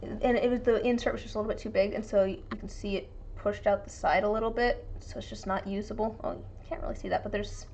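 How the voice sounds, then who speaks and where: A woman's voice: medium pitch, steady tone, quick pace, darkish tone, highs cut off, slight background noise. A young woman chatting casually on a live stream while she works on a craft, rambling with lots of fillers and restarts. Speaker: resin dice maker streaming her craft.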